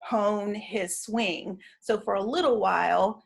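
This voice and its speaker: A woman teaching an online training session, explaining in a measured way with frequent fillers and restarts. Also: medium pitch, vocal fry.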